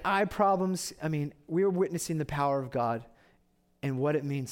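A man in his thirties preaching a sermon, telling stories with loud excitement and then dropping to quiet reverence. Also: a little high, brisk, some chatter behind. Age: 30s. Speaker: pastor.

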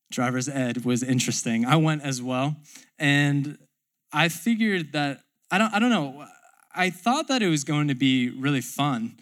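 A man's voice: mid-range voice, a bit bright. A man pastor preaching a sermon, telling a personal story in a casual, chatty way.

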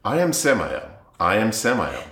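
A man's voice: fairly low pitch, huge pitch swings, normal speed, fairly bright tone, slight background noise. A man reading aloud a rhyming children's book in the voice of a villain, in a sing-song manner, with an echo around him. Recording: roomy echo.

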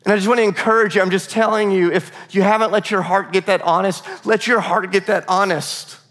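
Male pastor, sermon, conversational, earnest, higher voice, long hall reverb. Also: a bit bright. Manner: conversational, earnest, repeats and restarts phrases.

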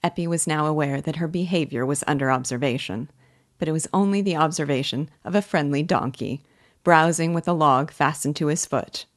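A woman reading a classic novel aloud in a measured, expressive way as a literature teacher. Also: low-pitched.

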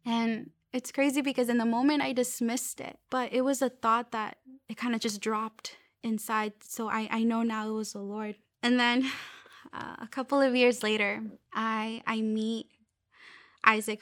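A young woman sharing a personal faith testimony, earnest and halting, often restarting her sentences. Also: fairly high pitch, flat delivery, a bit bright, no echo, studio quality.

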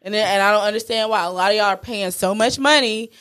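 A woman's voice: medium pitch, fast, fairly bright tone, dry recording. A woman of thirty co-hosting a podcast, ranting animatedly in casual chat and addressing listeners as y'all. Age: 30s. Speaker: podcast co-host.

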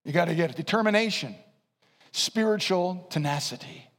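A man preaching in a large hall. His voice sits high, and the room gives it a long, ringing reverb. He swings from hushed, mumbled impressions of excuses up to loud, shouted exhortation. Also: moderate pace. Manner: animated, swings from quiet asides to shouting; acts out listeners' excuses in a low mumble. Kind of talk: sermon.

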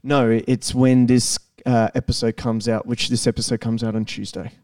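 An Australian man co-hosting a podcast, talking sport in a blunt, excitable way and swearing freely. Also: medium pitch, normal speed, no echo, clean studio sound, distant mic. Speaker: podcast co-host. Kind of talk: casual chat.

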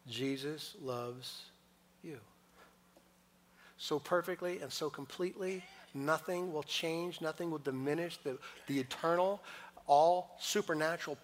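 A man preaching a sermon, moving between hushed, intimate lines and loud, emphatic passages. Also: on the high side. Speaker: pastor. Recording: long reverb of a large hall.

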